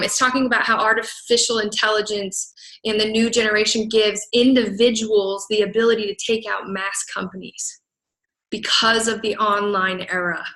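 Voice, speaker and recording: A woman giving an energetic motivational talk as a business coach, speaking to a laptop on a video call and punctuating her points with quick rhetorical questions. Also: medium pitch, poor audio. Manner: energetic, punchy, keeps asking "right?". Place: away from home, speaking to a laptop.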